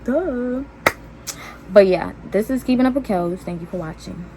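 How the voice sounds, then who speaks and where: An eighteen-year-old woman with a Brooklyn New York accent, telling a storytime to her vlog viewers in blunt, animated street slang. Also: lowish voice, fairly quick, background noise. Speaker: vlogger. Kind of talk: casual storytime monologue.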